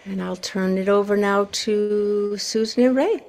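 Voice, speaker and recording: A woman minister leading a service on a video call, speaking gently and prayerfully. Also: mid-range voice, measured pace. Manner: gentle, prayerful, warm-hearted.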